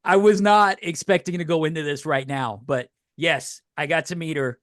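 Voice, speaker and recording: A man's voice: a little high, steady tone, moderate pace, dry recording, studio quality. A middle-aged man co-hosting a podcast, telling a rambling story in casual chat and getting emotional as he goes. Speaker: podcast co-host.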